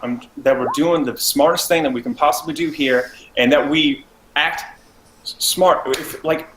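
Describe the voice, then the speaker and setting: A man's voice: fairly high pitch, normal speed, a bit bright. A man playing a tabletop game, arguing heatedly in character, defensive and stammering. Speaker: player. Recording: echoey room with faint noise.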